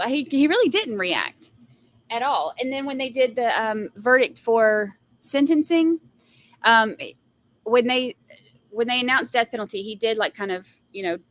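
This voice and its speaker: A woman's voice: fairly high pitch, lively intonation, measured pace. Sassy, blunt woman ranting about a trial. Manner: exasperated sighs and rants. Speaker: trial commentary livestream host. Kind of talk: casual live commentary, reading viewer comments.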